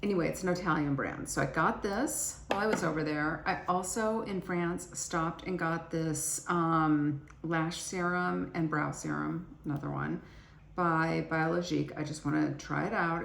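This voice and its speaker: A woman's voice: deep voice, steady tone, moderate pace, creaky, a bit bright. A middle-aged woman chatting casually to camera as a beauty vlogger, rambling and self-deprecating, tired and cranky after travel. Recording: echoey room with faint ambient noise.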